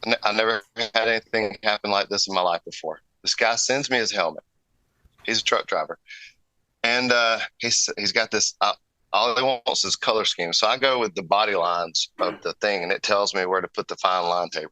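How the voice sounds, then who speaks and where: A man's voice: on the low side, moderate pace, sharp tone, no echo, poor audio. A man guest on a podcast, an airbrush artist telling stories in casual, rambling chat, often breaking off and restarting his sentences. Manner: rambling, self-interrupting storyteller.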